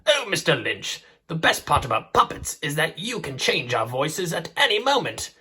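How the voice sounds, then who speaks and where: A chipper young cheetah puppet with a put-on British accent and a bright, raised voice, as a man voices him. He is brisk and cheery. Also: on the high side, sing-song, husky, exaggerated voice.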